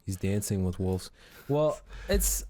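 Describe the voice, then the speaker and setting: A man co-hosting a casual podcast, relaxed and teasing, dropping wry jokes and drawn-out hmms. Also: deep voice. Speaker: podcast co-host. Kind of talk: casual chat.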